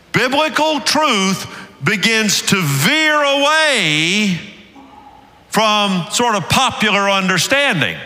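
A man's voice: high voice, sharp tone. An older man with a Southern US accent preaching a sermon as lead pastor, earnest and building to emphatic peaks. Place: church sanctuary. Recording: reverberant church hall.

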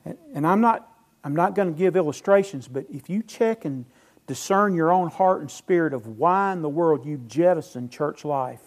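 This pastor's voice is a little high, with lively intonation and a moderate pace. Preaching emphatically, he questions the congregation and answers back, swinging in loudness between phrases.

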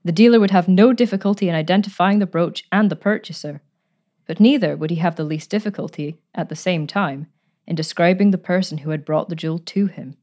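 A woman narrating a story aloud in a measured, even way. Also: fairly low pitch.

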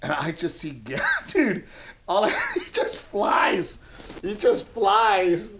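A man's voice: high voice, wildly swooping pitch, slow pace, background noise. A man in his thirties, a podcast co-host, telling family stories in a casual chat, laughing often and acting out his son's lines.

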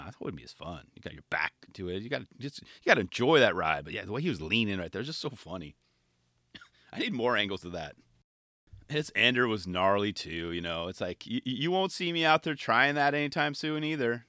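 A man's voice: mid-range voice, pushed and bright, dry recording, clean studio sound. A man giving casual commentary on a skate video in laid-back skater slang, often tagging on "right?" and "you know".

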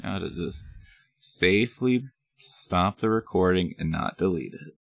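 A man co-hosting a podcast, talking in a relaxed, jokey way. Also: low-pitched, a little slow, creaky, no room sound, clean studio sound. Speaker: podcast co-host. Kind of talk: casual chat.

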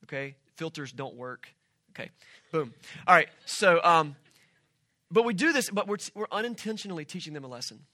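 A middle-aged man preaches a sermon with a bright, clear tone. He talks in an animated, conversational way, full of stories and asides, and the sound is dry and close. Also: on the high side, moderate pace, no echo. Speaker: pastor.

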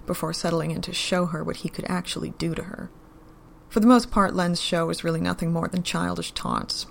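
A woman narrates a story in a steady, unhurried audiobook manner. Her voice sits low with a gravelly texture. A faint background hiss runs under the reading.

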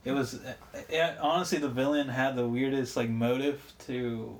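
A man co-hosting a casual film podcast, talking quickly with hedges and swearing. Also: medium pitch, fairly even intonation. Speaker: podcast co-host.

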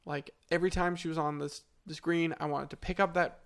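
A man's voice: a little high, steady tone, a little fast. A man co-hosting a podcast, giving a blunt, opinionated take on a movie in casual chat. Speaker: podcast co-host.

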